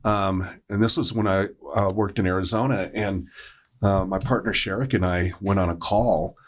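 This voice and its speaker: Low-voiced man telling a work story. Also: fairly even intonation, normal speed. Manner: rambling, many fillers and restarts. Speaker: paramedic. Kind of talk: storytelling on a podcast panel.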